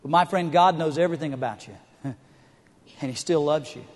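A man's voice: on the high side, a little fast, long reverb tail. A middle-aged male pastor preaching a sermon, telling stories with humor and building to emphatic points. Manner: storytelling with humor, rising emphatic delivery.

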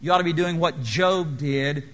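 A man preaching a sermon in an earnest, exhorting way, then praying softly. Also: fairly high pitch, normal speed. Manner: earnest, exhorting, quiet in prayer.

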